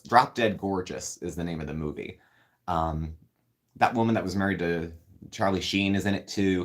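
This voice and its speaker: A low-voiced man hosts a relaxed live-stream chat, drifting from thought to thought and replying to viewer comments as they come in.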